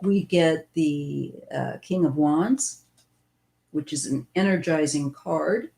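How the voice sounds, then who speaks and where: A woman's voice: deep voice, slow, gravelly, mellow. A woman giving a casual live-stream tarot reading, musing and thinking aloud as she goes. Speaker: tarot reader.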